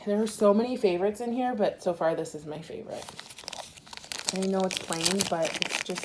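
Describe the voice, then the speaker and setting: A woman's voice: fairly low pitch, a little mellow, slight background noise. Giggly woman gushing over an unboxing. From Arizona. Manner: gushing, giggly, talks to viewers. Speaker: bead crafting vlogger. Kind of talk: casual unboxing chat.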